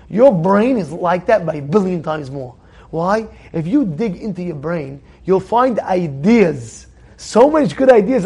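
A man teaching an informal Torah class in a synagogue study hall, animated and repetitive, firing rhetorical questions at his listeners. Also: sits high, normal speed, breathy edge. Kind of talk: informal Torah lesson to a congregation.

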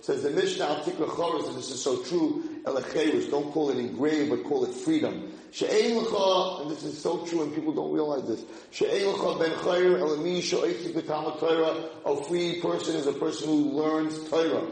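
A man giving an informal Torah class in English, mixing in Hebrew and Yiddish terms and breaking into loud acted-out shouting. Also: on the high side, moderate pace. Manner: animated, acts out shouting students. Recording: echoey room, faint noise.

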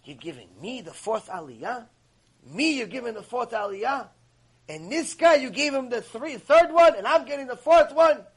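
A man voicing an indignant, arrogant worshipper who shouts and curses in outrage. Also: very high voice, lively intonation, normal speed, few pauses, voice pushed up, full character voice, low-quality recording. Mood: outraged.

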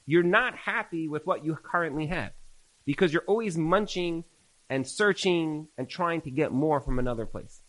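A man teaching a recorded Torah class, telling stories in an animated way and repeating phrases for emphasis. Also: on the high side, moderate pace, poor audio. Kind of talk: recorded religious class lecture.

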